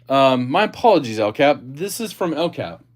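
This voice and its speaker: A man's voice: mid-range voice, very animated, moderate pace. A man hosting a casual livestream, chatting about gear and reading viewer comments aloud. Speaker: livestream host.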